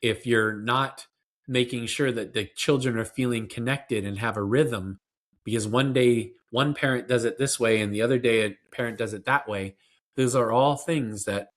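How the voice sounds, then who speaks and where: A man's voice: mid-range voice, normal speed. A man being interviewed as a parenting expert, explaining in an earnest, conversational way with fillers and restarts.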